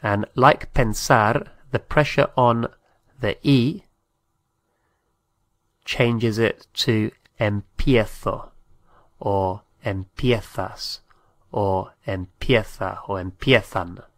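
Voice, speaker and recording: A man teaching a language lesson, saying each phrase slowly and repeating it, sometimes spelling words out letter by letter. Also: fairly low pitch, fairly bright tone, no room sound.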